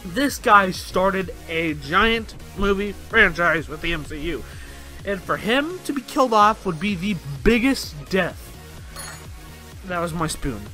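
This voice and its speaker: A young man rants through his casual vlog in a high, bright voice, swearing freely. His energy is animated, and soft music plays faintly underneath. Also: a little slow. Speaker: host.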